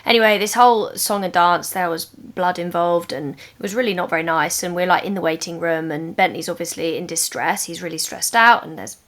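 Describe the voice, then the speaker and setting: A woman podcast host telling a personal story in casual chat, animated and emphatic, with lots of "like". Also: on the low side, fairly quick, few pauses. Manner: animated, emphatic retelling with many "like" fillers.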